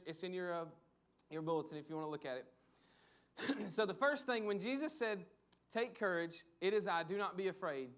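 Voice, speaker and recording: High-voiced man preaching a sermon. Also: fairly bright tone. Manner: conversational, repeats phrases for emphasis. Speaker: pastor.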